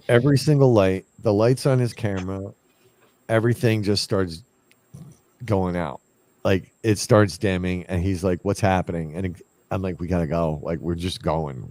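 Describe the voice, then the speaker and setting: A man with a lowish voice, recorded without echo, casually tells a ghost story from his investigations. He's animated, acting out what he and the others said back then, including his own past lines.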